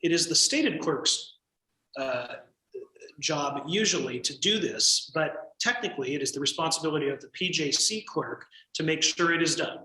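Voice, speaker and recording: A man leading a church training session, explaining procedure in a measured, thoughtful way with frequent pauses. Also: a little high, animated, bright, forceful tone, roomy sound, poor audio.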